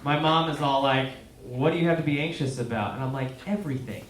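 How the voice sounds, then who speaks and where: A man's voice: mid-range voice, fast talker, slight background noise. A man doing a stand-up comedy set in a small theater, talking to the crowd and asking them questions. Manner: conversational, asks the crowd questions. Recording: roomy live theater recording with crowd. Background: audience laughing.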